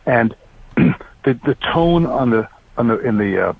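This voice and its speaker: A man's voice: medium pitch, expressive, unhurried, vocal fry, a little hiss or hum. A middle-aged man from New Jersey, a political candidate calling in by phone, talking with upbeat campaign energy. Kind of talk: phone-in interview. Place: campaign event venue. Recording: tinny phone line.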